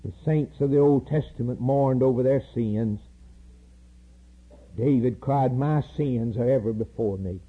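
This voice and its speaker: A man preaching a fiery sermon, pleading with his listeners and rising to loud emphatic peaks. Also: mid-range voice, measured pace, breathy edge. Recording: tinny phone-like old sermon tape.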